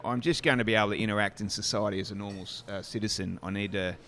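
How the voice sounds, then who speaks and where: A man's voice: fairly low pitch, racing, faint music behind. A man with an Australian accent, a brewery co-owner guest telling a joking story in casual chat. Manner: animated, joking, swears casually.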